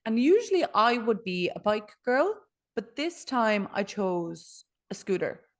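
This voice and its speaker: A young woman, co-hosting a podcast and telling a story in an animated way, often laughing. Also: mid-range voice, a little slow. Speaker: podcast co-host. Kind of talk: casual chat.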